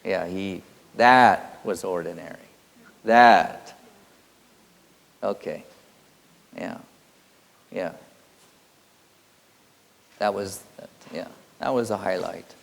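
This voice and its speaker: Slow, halting male spiritual teacher. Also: sits low, creaky. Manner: halting, many fillers, quietly intense. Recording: long hall reverb.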